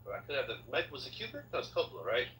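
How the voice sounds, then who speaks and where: A man's voice: medium pitch, huge pitch swings, racing, fairly bright tone, a little hiss or hum, low-quality recording. A man in a casual podcast chat who shares trivia and asks questions. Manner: chatty, full of trivia and questions.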